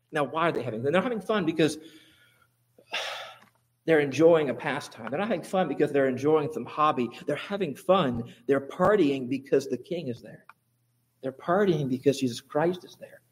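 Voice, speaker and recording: A man with a high, light voice preaching a sermon. He fires off rhetorical questions and lists, dropping low for asides and rising sharply for emphasis. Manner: animated, rhetorical questions, swings between quiet and emphatic. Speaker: pastor.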